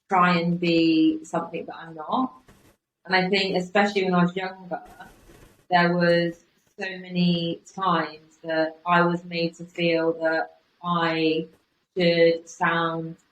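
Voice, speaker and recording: A young woman from Bristol with a softened Bristolian accent, talking frankly as a podcast guest, with slang and many restarts. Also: lowish voice. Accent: softened Bristolian English. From Bristol, England. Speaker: guest, coach and content creator. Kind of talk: casual chat. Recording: roomy sound with faint background noise.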